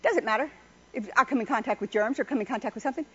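High-voiced woman preaching folksily. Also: very fast, slightly rough. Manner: chatty, exhorting, laughs often. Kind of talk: folksy sermon with personal stories. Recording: dull lo-fi recording.

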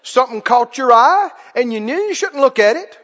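A man's voice: extremely high pitch, expressive, moderate pace, fairly bright tone, some chatter behind. A man preaching a sermon with emphatic call-and-response questions to his congregation. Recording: dull, echoey hall sound.

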